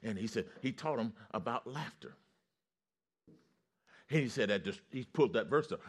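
A man's voice: mid-range voice, moderate pace, pauses often, breathy edge. Male preacher with call-and-response delivery. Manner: call-and-response, building to loud excitement. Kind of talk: sermon.

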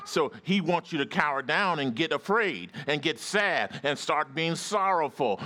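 A man's voice: on the high side, pushed and bright. A male pastor preaching a sermon, emphatic and calling out to his congregation for responses.

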